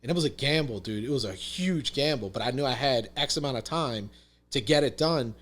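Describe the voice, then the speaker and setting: A man's voice: medium pitch, lively intonation, fairly quick, fairly bright tone. Emphatic man telling a story. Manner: emphatic, swears freely, says "dude" and "literally". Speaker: podcast guest. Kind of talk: casual storytelling.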